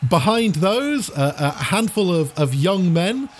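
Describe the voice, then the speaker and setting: A man's voice: high voice, very animated, measured pace, slight background noise. A man narrating a tabletop race game as game master, rambling with many fillers and frequent laughs.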